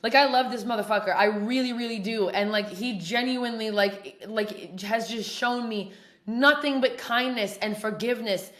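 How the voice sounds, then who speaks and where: A woman podcast host telling a story in casual, profane, animated talk. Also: fairly high pitch, normal speed. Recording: echoey room.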